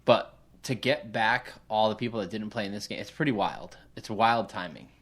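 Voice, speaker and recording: A man co-hosting a sports podcast, talking excitedly and profanely about his team. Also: lowish voice, normal speed, slightly rough. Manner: excited, profane fan talk. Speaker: podcast co-host. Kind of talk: casual sports podcast chat.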